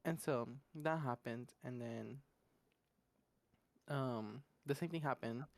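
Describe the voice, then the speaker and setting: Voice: mid-range voice, slow, creaky, darkish tone, dry recording. Rambling, laughing podcast storyteller. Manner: rambling, laughs often, fills gaps with "da, da, da"; slangy and blunt. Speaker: podcast host. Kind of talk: casual storytelling chat.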